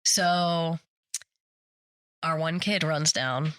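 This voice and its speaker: A woman's voice: deep voice, very slow. A woman co-hosting a podcast, telling a story in casual chat and acting out the people she quotes. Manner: animated, acts out quoted yelling. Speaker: podcast co-host. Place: podcast studio.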